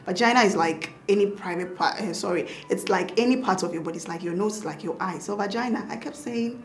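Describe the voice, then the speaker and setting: An animated woman with a Ghanaian accent recounts her experience as a doctor and new mother, acting out her own past words and laughing between them. Her voice sits in a middle pitch, with faint background noise in the recording. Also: fast talker, few pauses. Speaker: doctor and mother telling her birth story. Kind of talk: casual interview storytelling.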